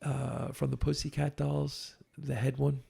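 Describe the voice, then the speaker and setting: A man hosting a casual podcast, telling an animated story and acting out the people in it. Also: medium pitch, unhurried, creaky, husky. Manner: animated anecdote telling, acts out voices. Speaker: podcast host.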